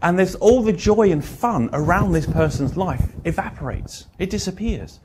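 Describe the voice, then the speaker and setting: A man's voice: high voice, moderate pace, background noise. A British man giving a live lecture to therapists, acting out client conversations with dry humor. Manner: animated, acts out client dialogue, dry humor. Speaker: presenter.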